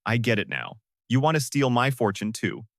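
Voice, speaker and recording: A man's voice: mid-range voice, big pitch swings, normal speed, creaky, no room sound, clean studio sound. A man voicing an arrogant male corporate president who mocks and then panics. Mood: mocking. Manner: scornful, then panicked shouting.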